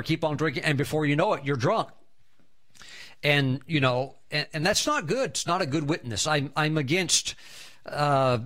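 A male pastor preaching a lively sermon, telling anecdotes and breaking into exuberant shouts of hallelujah and praise. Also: on the high side.

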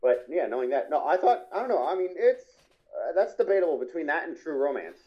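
A man's voice: on the high side, big pitch swings, quick pace. A man co-hosting a casual film chat, talking enthusiastically and rambling through restarted sentences. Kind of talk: casual chat about animated films. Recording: muffled lo-fi mic.

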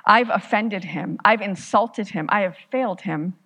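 A woman's voice: medium pitch, a little slow, bright, forceful tone. A woman voicing a desperate young man who feels he must earn his way home by hard work, speaking anxiously and insistently in a storytold sermon. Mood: pleading. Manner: anxious, self-condemning, insistent. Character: desperate guilt-driven young man, rock-stacking brother.

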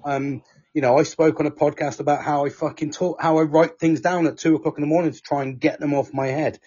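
A man with a husky, slightly raised voice talks casually on a podcast, offering steady, reassuring advice and calling people mate. The audio is dull and lo-fi. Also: a little high, fast. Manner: reassuring, calls everyone mate. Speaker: podcast host. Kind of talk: casual chat.

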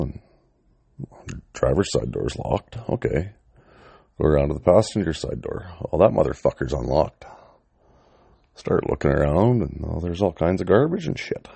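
A man's voice: rumbling low, gravelly, mellow, breathy edge, no room sound. A middle-aged man casually telling an old story, swearing freely and chuckling as he rambles.

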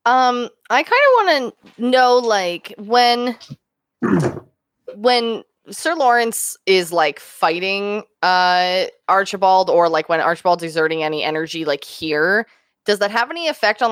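A woman's voice: mid-range voice, a little slow, no echo, clean studio sound. A young woman playing a tabletop game, talking hesitantly with many fillers. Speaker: player. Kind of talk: casual role-play chat.

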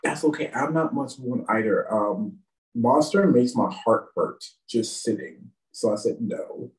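Lively Southern man telling stories. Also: mid-range voice, distant mic, poor audio. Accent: Southern American. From Southern United States. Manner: laughing, slangy, quick anecdotes. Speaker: professional wrestler guest. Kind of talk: casual podcast storytelling.

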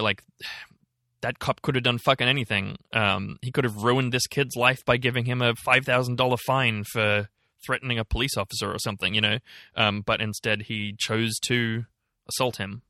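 A man's voice: mid-range voice, steady tone, normal speed, pushed and bright, no room sound, studio quality. A man co-hosting a podcast, chatting casually with lots of fillers, restarts and swearing. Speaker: podcast co-host. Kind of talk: casual political chat.

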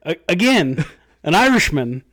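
A man in casual podcast chat about a movie, sarcastic and quick with jokes. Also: a little high, big pitch swings, a bit bright.

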